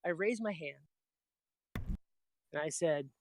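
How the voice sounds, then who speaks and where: A man in casual chat, telling a long anecdote with lively acted-out quotes. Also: sits high, normal speed, no room sound. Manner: animated anecdote teller, acts out quotes.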